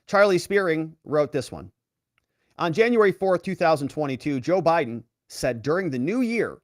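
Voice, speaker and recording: A man's voice: moderate pace, dry recording, studio quality. A man who is an attorney giving casual, sarcastic political commentary and reading articles aloud. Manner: animated and sarcastic, with wide swings in pitch.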